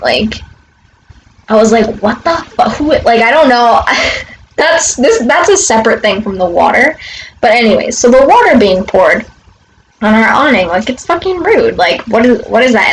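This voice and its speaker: A young woman chats through a rambling story outdoors by her front door, her voice sitting a little high. She strings thoughts together with many fillers and casual swearing, with faint ambience behind her. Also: slight background noise, rough recording. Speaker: vlogger.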